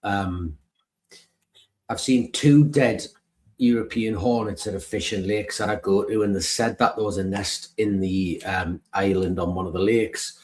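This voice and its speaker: A man's voice: lowish voice, unhurried, a little mellow. A man from northern England co-hosting a casual podcast, chatty and laughing at his own stories. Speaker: podcast co-host. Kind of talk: casual chat.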